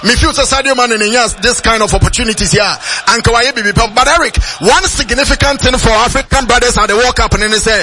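Man, Ghanaian accent, radio match analysis, halting English-Twi mix, bright voice. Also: very high-pitched, faint music behind. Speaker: radio football pundit. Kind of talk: live radio football analysis.

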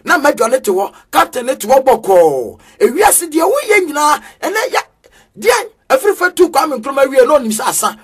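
A man with a Ghanaian accent preaching a sermon in a sing-song cadence with sudden shouts. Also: very high voice, very animated, moderate pace.

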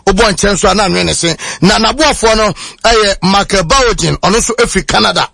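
A man presenting a radio sports segment in a steady, informative way. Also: high-pitched, brisk, gravelly, breathy edge, no echo, clean studio sound.

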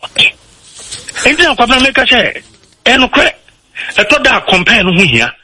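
A Ghanaian man defending his side in a heated radio debate, pushing back rapidly and insistently. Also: very high voice, very animated, bright, forceful tone, breathy edge. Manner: rapid, insistent, keeps repeating the host's name to get in.

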